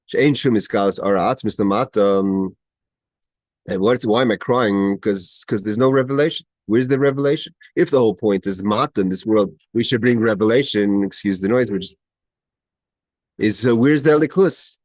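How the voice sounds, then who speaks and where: A Torah teacher leads a class on a Chassidic text over a video call, his voice lowish and a little fast with no room sound. He reads Hebrew phrases and translates each in turn, often restarting and pushing emphatic rising questions.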